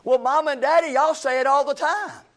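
A man's voice: very high-pitched, fairly even intonation, moderate pace, fairly bright tone. A male preacher, delivering a sermon in a church with a repetitive, emphatic cadence.

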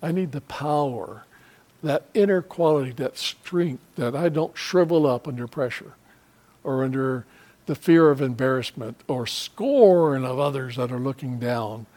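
A man's voice: mid-range voice, a little slow, darkish tone. A middle-aged male pastor preaching a sermon in an earnest, conversational way, breaking into short prayers.

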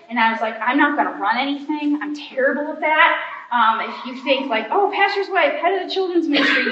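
A woman's voice: sits high, a bit bright, slight background noise. A middle-aged woman, a pastor's wife, talking casually and self-deprecatingly to a church group, laughing often. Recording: roomy, distant, dull sound.

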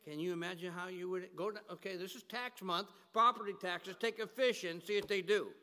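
High-voiced bright male preacher, echoing hall. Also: steady tone, brisk. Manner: emphatic, swinging between hushed and loud. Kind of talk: sermon. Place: church sanctuary. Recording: long hall reverb.

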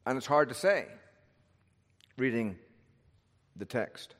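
A man's voice: mid-range voice, expressive, takes it slowly, a bit bright. Man preaching in a reverberant hall. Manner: thoughtful, conversational, asks rhetorical questions. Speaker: pastor. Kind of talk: expository sermon. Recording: long reverb of a large hall.

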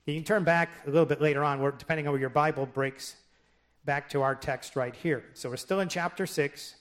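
A man's voice: on the high side, steady tone, fairly quick, a bit bright. A man preaching a sermon in a conversational way, dropping wry joking asides and reading scripture aloud with emphasis. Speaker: pastor.

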